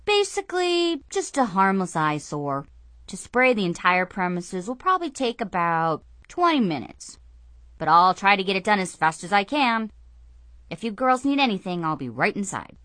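A woman's voice: medium pitch, very animated, normal speed, a bit bright, dry recording. A woman doing an easygoing dad. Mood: calm. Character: calm patient dad, an exterminator.

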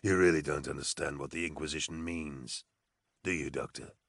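A man voicing a cold, ruthless male treasure hunter who speaks in low, clipped, menacing tones. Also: normal speed, vocal fry, fairly bright tone, no echo, studio quality, exaggerated voice. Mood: coldly menacing.

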